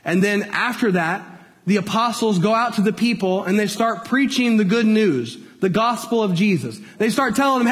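A man preaching a sermon to his congregation in a folksy way, calling them "y'all", and swinging from loud high peaks down to hushed low lines. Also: animated, normal speed. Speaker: pastor. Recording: long reverb of a large hall.

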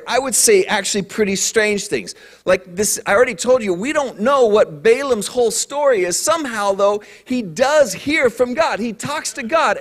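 A man in his forties preaching a sermon, animated and full of jokes as he tells the story. His voice sits high for a man, and his pitch swings widely from line to line. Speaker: pastor.

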